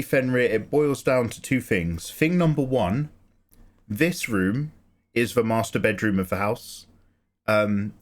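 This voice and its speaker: A tired man with a chatty, laughing way of talking, answering his live stream chat from a small home studio. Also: medium pitch.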